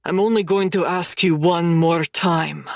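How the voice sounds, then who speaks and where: Casting: woman doing a low, growling menacing man in an audiobook, slow deliberate delivery. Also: fairly even intonation, no room sound, clean studio sound. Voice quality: growling, rasping.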